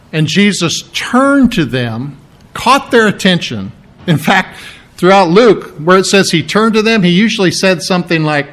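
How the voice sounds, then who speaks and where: A man preaching a sermon, acting out quotes with big swings in loudness and pitch, with frequent restarts and throat clearing. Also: expressive, normal speed.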